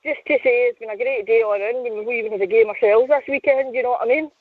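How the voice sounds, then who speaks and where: A woman phoning in to a radio show, chatty and quick to laugh as she tells a story. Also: on the high side, husky, no room sound. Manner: chatty, laughs often while telling a story. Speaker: caller. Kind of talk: casual call-in chat. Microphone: phone. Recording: tinny phone line.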